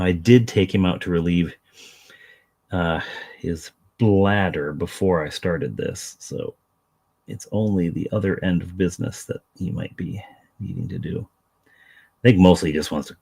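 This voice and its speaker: A man's voice: sits low, fairly even intonation, unhurried, creaky, long pauses, darkish tone, husky. A man chatting casually on a live stream while he paints miniatures, rambling, self-deprecating and talking to his dog.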